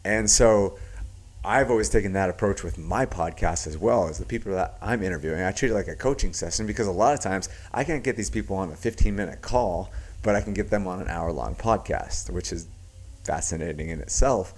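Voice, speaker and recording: A young man with a fairly low voice talks through his take in a relaxed, reflective way, leaning on filler words. He hosts his own podcast and now and then slips into playing out what other people said. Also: a little fast. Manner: reflective, heavy use of filler words, acts out quoted voices. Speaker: podcast host and business commentator. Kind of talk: casual commentary to camera.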